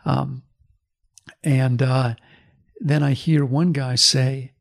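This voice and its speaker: Creaky-voiced man telling a story. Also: mid-range voice, very slow, long pauses. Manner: animated storyteller acting out quoted voices; profane, emphatic. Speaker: guest, history professor. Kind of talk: storytelling in conversation.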